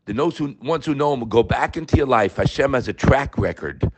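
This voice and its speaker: A man in his sixties giving an inspirational Torah talk, telling stories with swings between quiet and emphatic moments. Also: medium pitch, brisk. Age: 60s. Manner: animated storyteller, swinging from quiet to loud. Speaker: Torah teacher.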